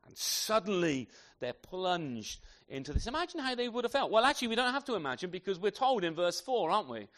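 High, lively male preacher. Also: brisk. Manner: conversational, with frequent rhetorical tag questions. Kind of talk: sermon.

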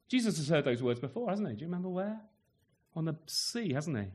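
Guy preaching, high voice, keeps throwing in "isn't it?" tag questions, chatty. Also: very animated, normal speed, darkish tone. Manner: conversational, rhetorical tag questions, acts out scenes. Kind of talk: expository sermon.

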